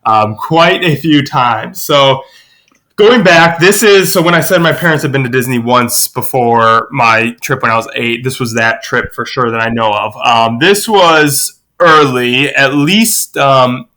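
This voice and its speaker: Brief: a man spinning a lively anecdote, bright tone. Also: unhurried. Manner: lively storyteller, acts out quoted voices with big pitch jumps. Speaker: podcast guest. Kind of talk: animated anecdote telling.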